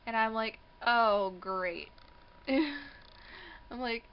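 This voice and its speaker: A young woman tells a personal story to her camera in a casual, lively way, putting on voices for the people she quotes and laughing often. Her voice sits a little high. The recording sounds dull and lo-fi. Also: a little slow, smooth. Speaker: vlogger. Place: indoors near a passing train.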